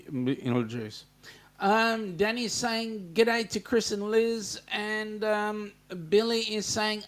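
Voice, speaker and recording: Australian man hosting a casual livestream, slow and unhurried, voice on the higher side. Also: a bit bright. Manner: reads viewer comments aloud, greets chatters by name. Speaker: livestream host.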